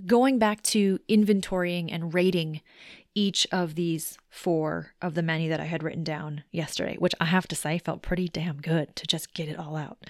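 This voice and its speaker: A woman hosts a solo self-help podcast in a somewhat low voice. She works through her points in a conversational, reflective way. The sound is dry, with no room echo. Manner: conversational and reflective, explains step by step. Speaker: podcast host.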